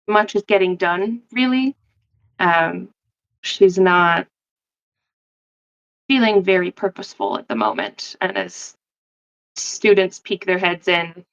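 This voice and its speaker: A woman playing a tabletop role-playing game, slowly describing her character with many fillers. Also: mid-range voice, vocal fry. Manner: slow, hesitant, filler-heavy. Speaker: player. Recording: dull lo-fi mic.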